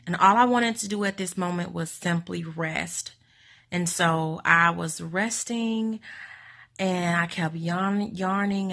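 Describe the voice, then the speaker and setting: A woman vlogger telling a personal story in a lively, dramatic way, acting out what people said. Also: lowish voice, creaky. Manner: animated, dramatic retelling with acted quotes.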